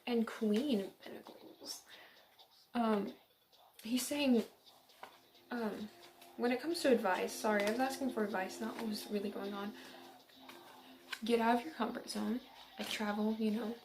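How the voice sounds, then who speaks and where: A woman's voice: on the high side, fairly even intonation, a little slow, long pauses, darkish tone, slight background noise. Chatty young woman reading tarot cards. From central Illinois. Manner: chatty, giggly, upbeat. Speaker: tarot reader.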